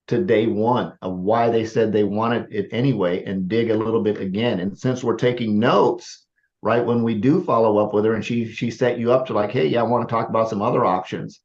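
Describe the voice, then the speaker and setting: A man's voice: medium pitch, darkish tone. A man coaching a group on sales calls, encouraging and acting out voice tones as examples. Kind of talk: call review coaching. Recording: lo-fi call audio.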